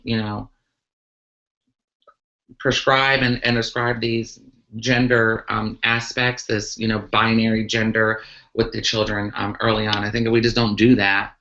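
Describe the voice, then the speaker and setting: Bright-voiced earnest woman on a muffled stream. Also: very deep voice. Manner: earnest, many ums and restarts. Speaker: transgender activist guest. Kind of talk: live online Q&A talk. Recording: muffled lo-fi livestream audio.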